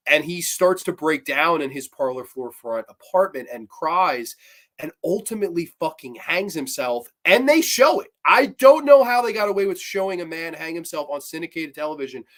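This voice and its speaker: A man hosting a horror review show, talking casually with blunt, profane, animated commentary. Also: a little high, normal speed.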